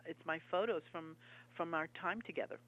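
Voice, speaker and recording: A woman interview guest and author, talking in an earnest, halting, reminiscing way. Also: deep voice, a bit bright. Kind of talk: conversational interview. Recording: dull lo-fi broadcast audio.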